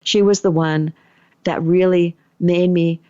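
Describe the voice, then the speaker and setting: A woman's voice: fairly low pitch, steady tone, slow, dark tone, clear, resonant tone, no echo. A middle-aged woman hosting a podcast, telling a personal story in a chatty way and acting out the lines she quotes. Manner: chatty, acts out quoted thoughts and dialogue. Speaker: podcast host and energy healer. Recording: dry, slightly dull podcast mic.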